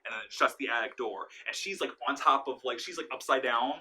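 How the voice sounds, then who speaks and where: A young man casually recapping a horror movie plot, swearing often and acting out scenes with sudden shouts. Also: mid-range voice, a little fast, husky, rough recording. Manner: excited, profane, acts out scenes with sudden shouts. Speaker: movie reviewer.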